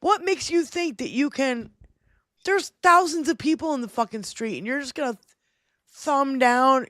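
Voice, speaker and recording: A woman co-hosting a livestream, telling a story loudly and profanely in casual chat over a computer mic. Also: high voice, moderate pace, no echo, studio quality. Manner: loud, profane, animated retelling. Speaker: livestream co-host.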